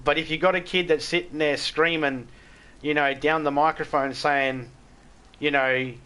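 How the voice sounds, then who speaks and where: Middle-aged Australian male streamer, blunt and swearing, bright slightly high voice, loose chatty delivery. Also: steady tone, moderate pace, smooth. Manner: blunt, swears freely, stammers on restarts. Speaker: game streamer chatting with viewers. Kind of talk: casual live-stream chat.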